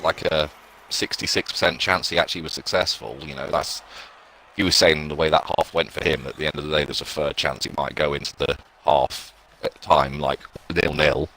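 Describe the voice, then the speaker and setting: A man with an extremely deep, gravelly voice commentates on a match in a laid-back way, joking and bragging between plays. A light hiss sits behind him. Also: steady tone, fairly quick, bright, forceful tone, rough recording. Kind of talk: casual game commentary.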